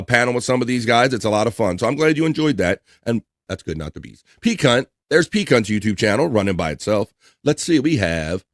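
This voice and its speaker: A man's voice: mid-range voice, no echo, clean studio sound. Chatty man reading live chat aloud. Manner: chatty, reads usernames and shout-outs aloud, quick asides. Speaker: livestream host.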